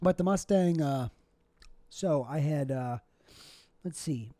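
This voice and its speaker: Young male comic hosting a solo podcast, rambling and self-deprecating, mellow tone, dry close sound. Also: on the high side, slow pace, no echo. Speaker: podcast host and stand-up comic. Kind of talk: casual solo podcast monologue.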